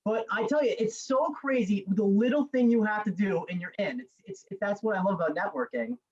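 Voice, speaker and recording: A man's voice: high voice, brisk. A man, a student, telling a story casually in class, hesitant and restarting often. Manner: hesitant, many fillers and restarts. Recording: dull lo-fi sound.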